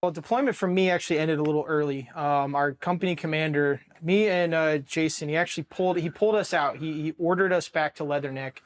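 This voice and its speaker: In an interview, an Ohio man who served as a Marine recounts combat bluntly and with plenty of swearing, often halting before starting again. His voice is fairly high, and the emotion runs strong, his volume dropping whenever the memories hurt.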